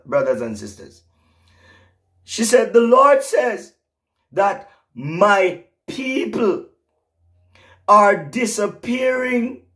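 A man's voice: high-pitched, a bit bright. A middle-aged man preaching an emotional prophetic sermon, rising to fervent exclamations.

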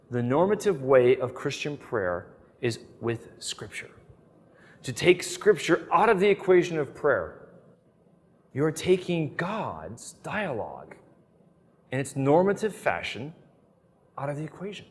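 A man's voice: medium pitch, in a large hall. A middle-aged man giving an earnest, emphatic talk on prayer, telling stories as he teaches. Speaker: Catholic speaker. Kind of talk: sermon-style teaching talk.

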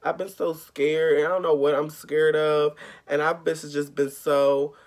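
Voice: mid-range voice, level tone, unhurried. Profane, exasperated young vlogger. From United States. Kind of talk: casual vlog rant.

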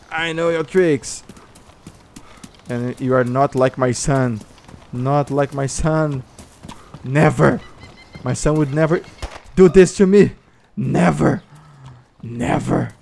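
Man, Brazilian Portuguese accent, gamer voice chat, commanding and mocking, slightly high voice, faint noise. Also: creaky, a little mellow. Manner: commanding, mocking, swears and laughs. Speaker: gamer streamer. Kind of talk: gameplay voice chat.

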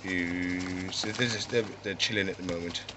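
A man hosting a casual vlog from his reptile shop, chatting and gently coaxing the animals. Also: deep voice, steady tone, normal speed, a little hiss or hum, poor audio. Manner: chatty, coaxes the animals in a soft, doting voice.

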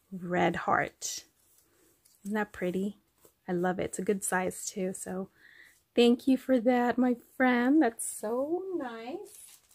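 Slow-talking, gushing woman crafter. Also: medium pitch, darkish tone. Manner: gushing, effusive, addresses viewers as you guys. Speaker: craft vlogger showing gifts. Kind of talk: casual show-and-tell vlog. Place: home craft room.

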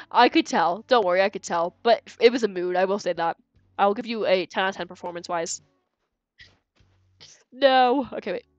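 Over faint game music, a young woman talks casually to her chat and giggles as she plays through a stream. Her voice sits in the mid-range, recorded without echo but with the highs cut off.

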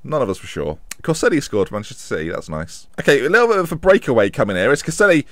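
A young man commentating his own football management game, jokey and self-mocking, swinging between excitement and muttered asides. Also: medium pitch, very fast, no echo, clean studio sound. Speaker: gaming commentator. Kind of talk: casual gameplay commentary.

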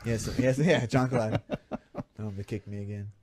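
A man's voice: lowish voice, fairly even intonation, normal speed, darkish tone, a little hiss or hum. A man telling a story as a guest in a casual chat, swearing freely and acting out his own quoted reactions. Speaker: podcast guest.

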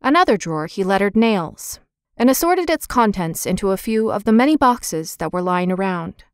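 A woman narrating a children's storybook in a lively, expressive reading, voicing the characters' lines. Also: mid-range voice, moderate pace, smooth, dry recording, studio quality. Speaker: audiobook narrator.

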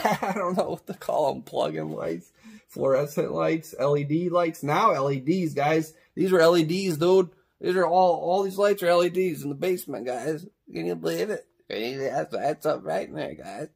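A man's voice: on the high side, lively intonation, normal speed, vocal fry. A man rambling goofily through a coloring video from his basement, cracking crude jokes and saying "guys" constantly. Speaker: YouTuber coloring on camera. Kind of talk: casual rambling commentary. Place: home basement.

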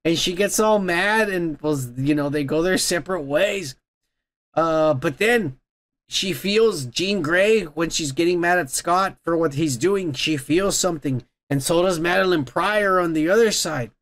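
A man hosting a podcast who excitedly recaps a cartoon episode in rambling casual talk, swearing heavily. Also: fairly high pitch, a little slow. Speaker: podcast host.

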